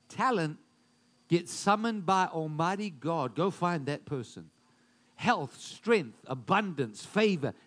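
A man preaching a sermon, building loud emphatic declarations and dropping into quieter asides. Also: high-pitched. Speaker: pastor.

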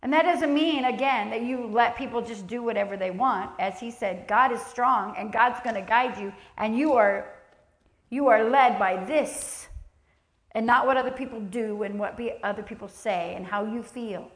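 A woman with a fairly high voice preaches with emphasis, her words ringing through an echoey church. She stresses lines hard and slips into little acted-out voices when she quotes people. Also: normal speed. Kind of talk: sermon.

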